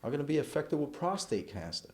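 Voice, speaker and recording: A man's voice: a little high, very animated, fast, a little mellow. A middle-aged man, a charity event chairman speaking earnestly in an interview and running through long lists.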